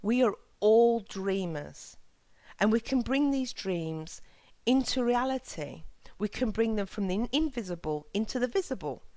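A woman hosting her own channel, giving a sincere, measured spiritual talk and reading scripture passages with soft emphasis. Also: mid-range voice, expressive, dry recording.

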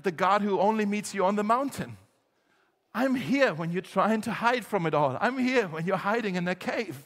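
Earnest high-voiced male preacher. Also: a bit bright, in a large hall. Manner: earnest, emphatic preaching with conversational fillers. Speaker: pastor. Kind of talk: sermon. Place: church hall.

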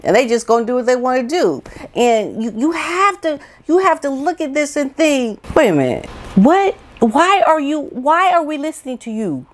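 A woman's voice: high-pitched, big pitch swings, normal speed, few pauses. A woman giving an indignant, incredulous opinion commentary monologue full of rhetorical questions. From United States. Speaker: vlogger, commentator.

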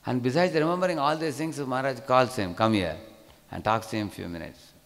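A man's voice: medium pitch, very animated, fast talker, creaky. A man with an Indian English accent teaching a scripture class, talking conversationally and often asking "correct, no?". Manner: conversational, frequent tag questions. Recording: hall reverb.

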